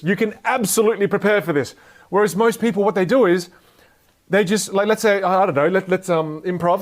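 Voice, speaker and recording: Energetic man giving a talk. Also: sits high, a little fast. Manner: energetic, playful, jokes with the audience. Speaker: speaker teaching communication skills. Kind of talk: live motivational talk to an audience.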